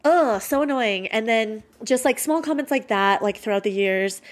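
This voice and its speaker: A woman in her late twenties in candid, casual chat, swearing freely and filling her talk with "like". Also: mid-range voice. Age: 20s.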